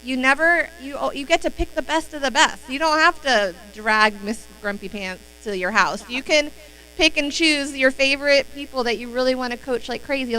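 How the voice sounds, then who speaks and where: A woman's voice: fairly high pitch, pushed and bright, a little hiss or hum, poor audio. A woman giving a casual, upbeat sales training talk on a live stream, chatty with many fillers.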